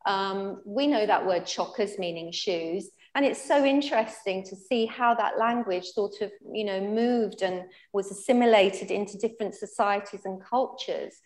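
A woman's voice: medium pitch, normal speed, few pauses. Thoughtful woman poet in a roomy hall. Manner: thoughtful, hesitant with many restarts. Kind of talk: panel discussion at a literary event.

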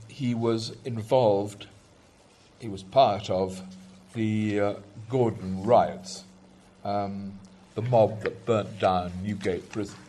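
Hesitant man with a low voice. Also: a little mellow, slight background noise. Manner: hesitant, many ums and restarts. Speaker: speaker introducing poems. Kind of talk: conversational talk.

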